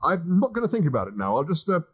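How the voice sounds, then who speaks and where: A man doing a high, flustered, squeamish Earthman. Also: very animated, fast talker, slightly rough. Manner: indignant, flustered, protesting. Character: fussy, squeamish young male Earthman. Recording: dull lo-fi old tape.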